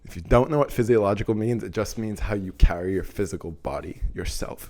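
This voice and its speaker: A young man talking casually to camera, giving energetic motivational advice and swearing for emphasis. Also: lowish voice, brisk, few pauses. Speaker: self-help vlogger.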